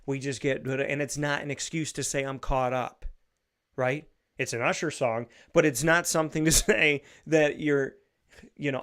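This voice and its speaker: A male show host giving an earnest, repetitive spoken reflection on faith, building to animated bursts. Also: a little high, normal speed, gravelly.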